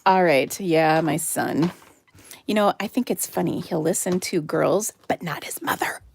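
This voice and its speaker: A woman's voice: lowish voice, a little slow, creaky, slight background noise. A middle-aged woman hosting a craft class live stream from her home craft room on a phone camera, chatty and rambling with fillers and laughs. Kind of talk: casual live-stream chat.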